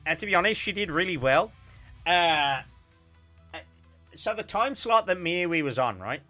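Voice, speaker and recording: Animated man with a bright voice. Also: a little high, moderate pace, faint music behind. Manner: animated storytelling, bursts into loud laughing shouts. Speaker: streamer. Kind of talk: casual stream chat.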